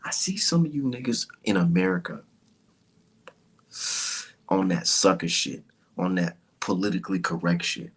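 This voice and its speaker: A husky-voiced man rants about boxing on his own show, swearing freely and sneering at the people he argues with. He keeps slipping into breathy, whispery mock voices to imitate them. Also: deep voice, lively intonation, moderate pace, pauses often. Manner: profane, mocking, switches to whispery mock voices. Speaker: boxing commentary vlogger. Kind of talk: heated casual rant.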